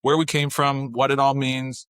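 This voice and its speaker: Dad guest on a podcast telling stories, acts out the kids' lines, dry close mic. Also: male voice, mid-range voice, moderate pace, clear, resonant tone, dry recording. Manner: animated storyteller, acts out family dialogue. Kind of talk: casual chat.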